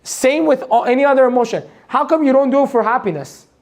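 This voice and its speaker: Blunt, energetic male motivational trainer. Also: very high voice, quick pace. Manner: energetic, fires rhetorical questions at the audience; blunt, casual swearing, laughs at his own points. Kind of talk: live training talk to an audience.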